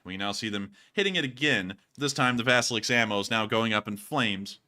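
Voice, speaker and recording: A man's voice: on the low side, brisk, pushed and bright. A man giving casual, joking commentary on video clips as a show host, breaking into laughs and mock voices. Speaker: war news commentator.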